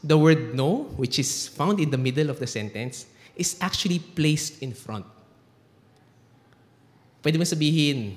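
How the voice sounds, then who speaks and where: A man's voice: on the high side, long reverb tail. A man with a Filipino accent preaching a sermon, emphatic and mixing English with Tagalog in a church. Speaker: pastor. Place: church sanctuary.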